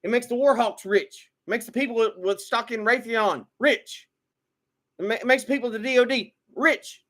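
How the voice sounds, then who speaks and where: A man's voice: very high-pitched, normal speed, a bit bright. A man giving an opinionated political monologue, repeating words and restarting often, then building to emphatic bursts. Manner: repetitive stammering restarts, rising to emphatic outbursts.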